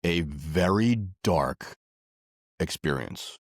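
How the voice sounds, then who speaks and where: A man's voice: low voice, animated, drawn-out words, dry recording, studio quality. A man guest in a casual conversation, earnest and rambling, with many fillers and restarts. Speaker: podcast guest.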